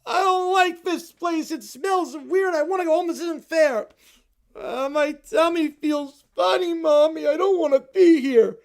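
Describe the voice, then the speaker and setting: A man's voice: extremely high pitch, measured pace, gravelly, pitched above the performer's own voice, full character voice. A man voicing a whiny, bratty little kid who complains about everything and sounds close to tears. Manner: whining, complaining, near tears.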